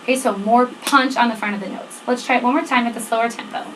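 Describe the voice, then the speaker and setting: A woman's voice: fairly high pitch, fairly even intonation, fast, crowd noise, low-quality recording. A woman band teacher leading a rehearsal, giving directions, counting off the tempo and checking in often. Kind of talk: rehearsal instruction. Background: student band playing.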